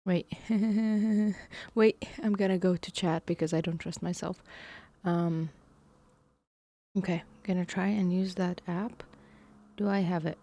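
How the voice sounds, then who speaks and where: Slow, soft-spoken woman streamer. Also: fairly low pitch, steady tone. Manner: musing, hesitant, slips into whispers. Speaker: streamer learning math. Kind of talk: casual live-stream thinking aloud.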